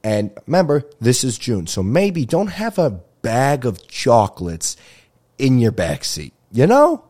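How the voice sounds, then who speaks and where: A man's voice: mid-range voice, very animated, measured pace, dark tone. A male comedian hosting his own podcast, telling rambling stories with swearing and laughter. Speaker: podcast host. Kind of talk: casual comedic monologue.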